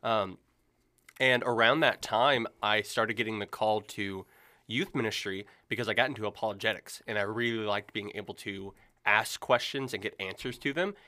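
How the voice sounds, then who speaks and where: Young youth minister guy, low bright voice, earnest, lots of ums. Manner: earnest, rambling with many ums. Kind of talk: casual chat.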